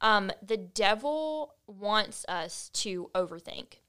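Female co-host, animated, casual Bible chat. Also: mid-range voice, takes it slowly, clean tone. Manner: animated, laughs often, says "like" a lot. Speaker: podcast co-host.

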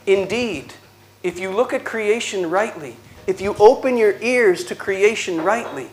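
A man giving an inspirational religious talk, telling stories slowly with dramatic pauses and a playful, animated delivery. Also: sits high, slight background noise. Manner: slow dramatic storytelling with pauses. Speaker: Catholic speaker.

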